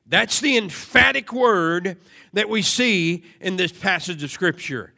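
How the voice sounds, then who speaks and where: A man preaching a sermon to a congregation, moving from steady teaching into loud, emphatic repetition. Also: high voice, slow, gravelly. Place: church service before a congregation.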